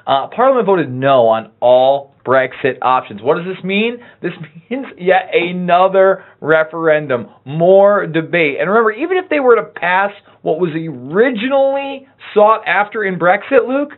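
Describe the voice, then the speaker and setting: A man's voice: high-pitched, expressive, moderate pace, few pauses. A man co-hosting a political commentary show, speaking in a heated, emphatic way. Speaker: co-host. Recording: tinny phone-like line.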